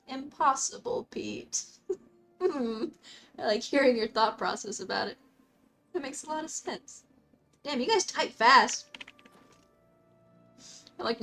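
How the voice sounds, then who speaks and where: A bubbly young woman streamer with a fairly high voice chats with her viewers as she plays, easily excited and quick to laugh things off. Soft music plays under her talk. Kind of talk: casual live-stream chat reading comments. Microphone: desk mic, dog close by.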